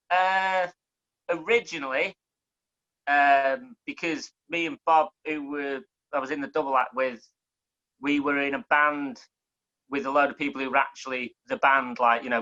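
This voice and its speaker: A man with a Mancunian accent, performing fast, punchy poetry full of swearing and wordplay, then chatting casually as a guest. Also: mid-range voice, pushed and bright, dull audio. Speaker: guest poet.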